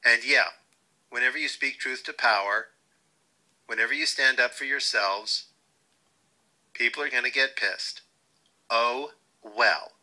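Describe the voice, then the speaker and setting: An older man being interviewed, telling wry, lively stories and quoting people along the way. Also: mid-range voice, measured pace, long pauses, poor audio. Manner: wry, animated anecdotes with quoted voices. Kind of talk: storytelling interview.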